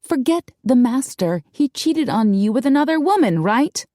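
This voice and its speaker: A woman's voice: high voice, sing-song, moderate pace, mellow, dry recording, studio quality, pitched above the performer's own voice. A woman voicing a determined young heroine with an earnest, emphatic delivery. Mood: insistent.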